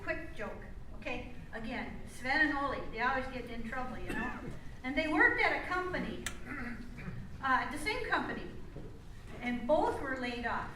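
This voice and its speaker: An older woman tells folksy jokes from a stage, chatty and slow with a high, bright voice. She stops herself and restarts as she goes. The sound is from a distant mic in a very echoey hall with faint room noise. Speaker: amateur performer. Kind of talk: folksy joke-telling on stage.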